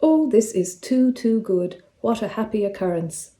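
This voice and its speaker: A woman's voice: a little high, expressive, unhurried, dark tone. A woman doing a fussy, gushing old-fashioned solicitor. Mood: excited, gushing. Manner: fussy, overly polite, gushing. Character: scrawny, excitable old-fashioned male solicitor. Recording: roomy echo.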